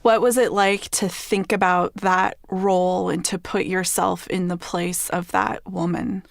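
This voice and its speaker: Gravelly woman asking interview questions. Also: lowish voice, level tone, measured pace, no room sound, studio quality.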